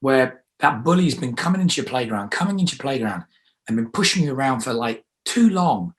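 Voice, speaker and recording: A man coaching a guided affirmation exercise, energetic and emphatic, coaxing the listener to repeat after him. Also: mid-range voice, brisk.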